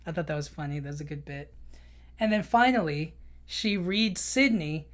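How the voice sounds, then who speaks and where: A man's voice: high-pitched, moderate pace. A man hosting a podcast, recapping a film in an emotional, chatty way with lots of "you know". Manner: emotional storytelling, many fillers like "you know". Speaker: podcast host. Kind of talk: casual movie recap.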